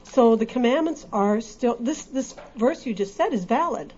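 Female co-host, earnest, warm and mellow, dull lo-fi sound. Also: on the high side, lively intonation, moderate pace. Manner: earnest, explanatory. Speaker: co-host in a Bible discussion. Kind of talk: casual religious discussion. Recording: dull lo-fi recording.

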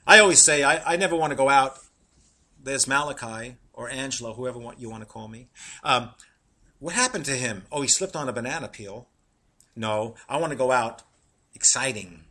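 A middle-aged man preaching a sermon, animated and laughing at his own jokes, slowing down to read verses. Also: mid-range voice.

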